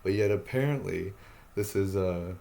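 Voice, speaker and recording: A man's voice: low-pitched, moderate pace, creaky, mellow. A man talking to his phone camera in a rambling, agitated monologue, swearing often and circling back to the same points. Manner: agitated, profane, repetitive. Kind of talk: rambling self-recorded monologue.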